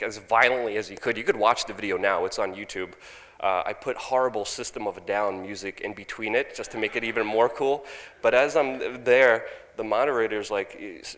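A young man on stage, animatedly telling a story and loudly acting out his own past lines, with laughs in between. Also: on the low side. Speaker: speaker at a conference. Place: large conference hall. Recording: long hall reverb.

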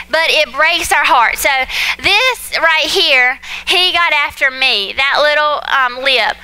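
Young woman, pastor's wife preaching, high and bright, chatty and animated, talks to the room like friends. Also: low-quality recording. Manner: chatty, animated, addresses congregation as y'all. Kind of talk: sermon with personal stories.

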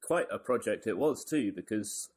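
A man with a lowish voice co-hosts a history podcast. He tells the story in a relaxed way and drops dry jokes as he goes. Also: normal speed, slightly rough. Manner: wry, joking asides. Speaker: podcast co-host. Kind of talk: casual history chat.

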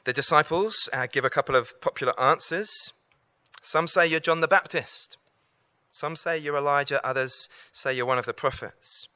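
A man's voice: on the high side, normal speed, pushed and bright, no room sound. A man giving an evangelistic talk to students, earnest and repeating key lines for emphasis. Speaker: campus preacher.

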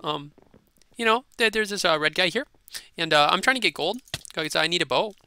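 A high, very bright and smooth man's voice chatters excitedly over gameplay. He is a silly gaming host who repeats his lines, recorded dry and close on a desk mic. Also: fairly quick. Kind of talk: casual gameplay commentary.

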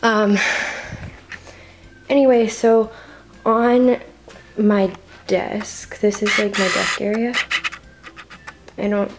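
A teenage girl chats through a casual vlog with a creaky vocal fry at a middle pitch. She rambles and piles on fillers as she talks to a handheld camera in her bedroom. Faint noise sits behind her. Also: level tone, extremely slow, pauses often. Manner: rambling, filler-heavy chatter. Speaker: vlogger. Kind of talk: casual room-tour vlog.

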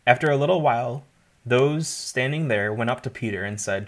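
A man's voice: medium pitch, normal speed, a bit bright. A man, likely a pastor, giving an informal Bible teaching, explaining in a conversational way with asides.

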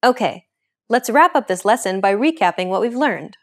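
A woman's voice: mid-range voice, expressive, moderate pace, soft background music. Upbeat woman hosting a language lesson. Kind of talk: scripted lesson narration.

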